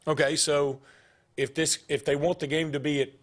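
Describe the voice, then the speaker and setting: A man hosting casual sports talk, animated and restarting his sentences as he pushes his point. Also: on the high side, moderate pace. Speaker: sports radio host.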